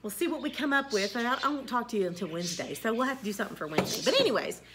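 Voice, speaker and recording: A middle-aged woman, a teacher, chatting casually into the camera and telling stories about her students with animated quoted voices. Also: on the high side, very fast, background noise. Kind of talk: casual vlog monologue.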